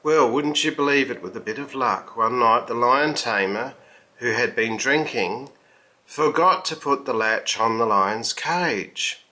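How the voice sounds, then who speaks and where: A man reading a children's story aloud, lingering over each phrase in a very slow, expressive way. His voice has a bright, forward tone. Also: medium pitch.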